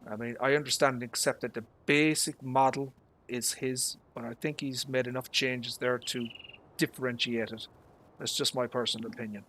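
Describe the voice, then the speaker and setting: A man's voice: mid-range voice, steady tone, normal speed, a bit bright, a little hiss or hum. An Irish man casually commenting on a farming game he is playing live, rambling through his opinions and swearing at mishaps on screen. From Ireland. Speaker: livestreamer.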